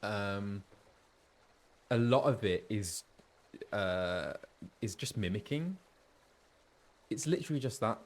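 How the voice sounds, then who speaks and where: A man's voice: lowish voice, expressive, takes it slowly, long pauses. A man, a voice actor, chatting casually and with many fillers while streaming a game.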